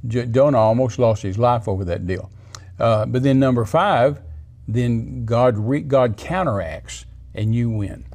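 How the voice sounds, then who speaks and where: A man's voice: mid-range voice, unhurried, darkish tone. An older man teaching from the Bible as a talk show guest, folksy and storytelling, acting out quotes in a raised voice. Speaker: guest preacher.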